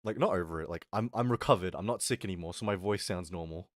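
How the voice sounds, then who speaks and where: A young man streamer telling a story in a casual rant, animated and swearing, acting out what people said. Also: low-pitched, fast talker, no echo, clean studio sound.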